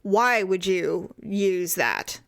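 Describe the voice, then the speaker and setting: A woman co-hosting a podcast in casual chat, chiming in with quick reactions and jokes. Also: mid-range voice, creaky, fairly bright tone, no room sound, studio quality. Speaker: podcast co-host.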